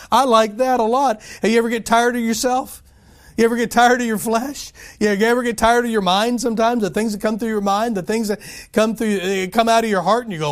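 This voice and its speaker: A man preaching a sermon, emphatic, asking and answering his own questions and slowing down to stress scripture phrases. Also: extremely high pitch. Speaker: pastor.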